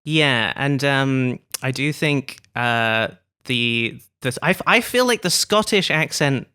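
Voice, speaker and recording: A man's voice: medium pitch, animated, slow pace, bright, forceful tone, smooth. A man co-hosting a podcast, agreeable and chatty, often murmuring assent. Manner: agreeable, frequent backchannels. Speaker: podcast co-host. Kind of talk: casual chat.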